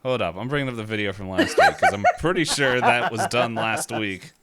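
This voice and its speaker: A man's voice: medium pitch, brisk, over a noisy crowd. A man running a tabletop horror game as game master, chatting casually with his players and laughing often. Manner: laughs often, relaxed and joking. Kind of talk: casual chat and game narration.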